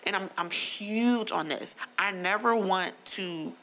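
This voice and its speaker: A woman in her thirties chatting casually, telling animated stories with plenty of swearing. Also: mid-range voice, takes it slowly. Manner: animated storytelling, frequent swearing. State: tearful. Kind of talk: casual chat.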